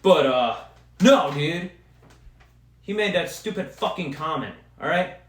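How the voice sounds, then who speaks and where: A young man hosting a podcast, ranting casually and profanely as an excitable sports fan. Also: fairly high pitch, measured pace, echoey room. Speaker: podcast host. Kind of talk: casual solo rant.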